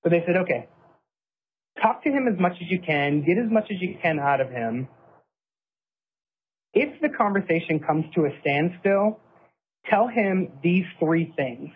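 A man's voice: sits high, lively intonation, unhurried, pauses often, slightly rough. Earnest man telling his story over a tinny line. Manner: earnest storytelling, quoting himself and others. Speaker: interviewee recounting events. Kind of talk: personal account, clip played on a podcast. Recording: tinny phone-like audio.

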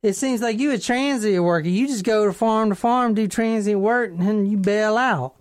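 A woman's voice: medium pitch, very slow, fairly bright tone. A woman voicing a condescending small-town cop in a drawling rural put-on accent.

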